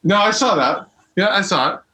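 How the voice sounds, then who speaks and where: A man telling stories in a lively, swaying voice with a bright, forceful tone. He talks casually, swears freely, and sounds like he is in an echoey room. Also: sits high, normal speed. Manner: animated storyteller, swears freely. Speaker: podcast co-host. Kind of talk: casual chat.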